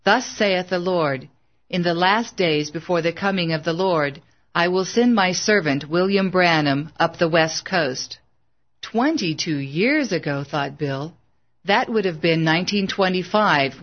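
A narrator reading a biography audiobook in an even, measured way. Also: medium pitch. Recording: slightly dull lo-fi recording.

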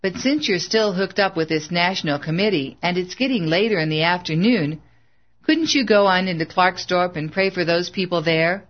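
A narrator doing a worried church manager in an audiobook, cautious and coaxing, trying to smooth things over. The audio is muffled and lo-fi. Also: male voice, sits high, moderate pace, close to an everyday voice. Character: worried male ministry manager.

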